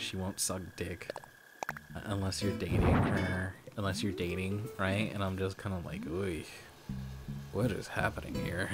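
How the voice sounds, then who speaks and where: A young man telling a story from his old job while streaming a game, rambling, swearing a lot and repeating himself. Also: sits low. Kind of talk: casual storytelling while gaming. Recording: loud background music.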